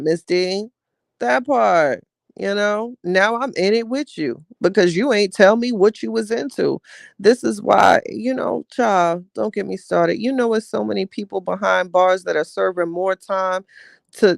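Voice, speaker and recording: A man's voice: sits high, gravelly, dry recording, clean studio sound. A man hosting a live podcast, telling a personal story in a candid way and talking straight to his viewers as he reads out their comments. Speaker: podcast host reading live chat. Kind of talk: casual livestream storytelling.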